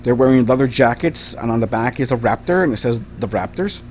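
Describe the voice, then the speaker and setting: A man's voice: mid-range voice, animated, darkish tone, a little hiss or hum. A man narrating as game master of a tabletop game, describing scenes with frequent restarts. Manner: rambling, halting description with restarts.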